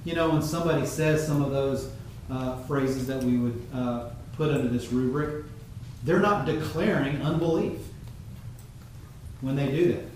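A man preaching a sermon in a measured teaching tone, pausing often with fillers. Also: medium pitch, a little mellow, a little hiss or hum. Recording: very echoey room, mic far off.

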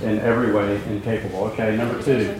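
A man's voice: lowish voice, flat delivery, fast talker, crowd noise. Male Bible teacher, chatty and informal, quizzing his class, heard from a distance in a very echoey room. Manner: conversational, many fillers, jokes with class.

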